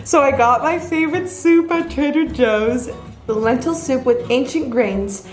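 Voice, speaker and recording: Young woman vlogger, 21, candid casual chat, slightly high voice, echoey room with faint music. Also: measured pace. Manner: chatty, candid, talks straight to camera. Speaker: college student vlogger.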